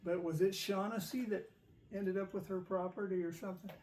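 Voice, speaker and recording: A man's voice: high-pitched, fairly even intonation, fairly quick, darkish tone, far from the mic, a little hiss or hum. A man in casual family conversation, searching his memory for details of an old story.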